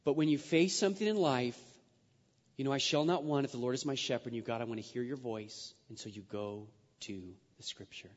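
A man preaching a sermon, swinging between loud emphatic declarations and quiet, intimate asides and repeating key phrases for weight. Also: mid-range voice, a little fast. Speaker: pastor. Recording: long reverb, dull lo-fi sound.

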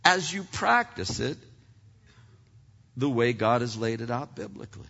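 A pastor preaching a sermon with emphatic rhetorical questions and repeated words, heard as a dull recording in an echoing hall. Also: male voice, medium pitch, lively intonation, unhurried, creaky, bright, forceful tone.

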